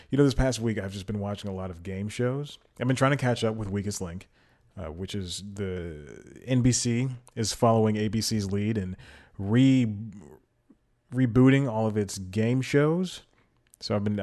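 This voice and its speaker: A man's voice: fairly low pitch, darkish tone. A young man hosting his own podcast, chatting casually and rambling, often laughing at himself. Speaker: podcast host. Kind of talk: casual solo podcast chat. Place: home in a storm-hit city.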